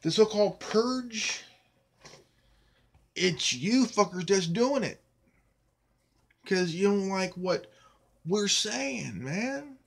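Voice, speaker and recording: Slow, animated, furious ranting man. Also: high voice, creaky. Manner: profane, defiant, emphatic and repetitive. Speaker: YouTube channel host. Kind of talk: angry ranting monologue.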